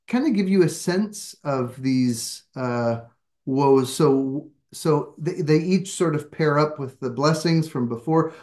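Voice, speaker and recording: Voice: medium pitch, darkish tone. A Bible study leader on a video call, guiding a group discussion in a reflective, searching, self-deprecating way.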